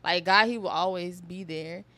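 Young woman with a low voice, hesitant. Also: moderate pace, pushed and bright. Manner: hesitant storytelling with many fillers. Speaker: podcast co-host. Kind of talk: casual faith podcast chat.

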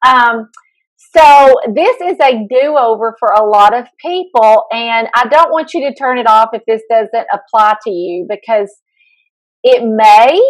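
A woman's voice: fairly high pitch, unhurried, no echo, poor audio. A woman co-hosting a podcast as a school counselor, chatting casually, laughing and rambling with restarts.

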